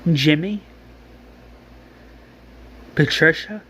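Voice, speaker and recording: A man voicing a grieving young man who pleads with his sister, emotional and halting. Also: on the high side, sharp tone, husky, full character voice. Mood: pleading.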